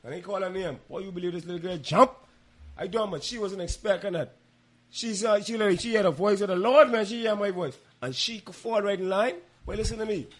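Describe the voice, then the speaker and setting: A man's voice: high voice, a little fast. A man co-hosting a casual podcast chat, laying out his views in an emphatic, lecturing way and repeating his points. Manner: calls listeners "boy". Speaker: podcast co-host.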